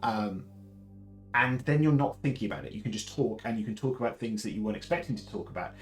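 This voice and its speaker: A man from the south of England with a deep baritone voice, chatting casually and rambling with many fillers and restarts. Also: fast talker, faint music behind, poor audio. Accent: Southern English. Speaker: host. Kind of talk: casual live chat.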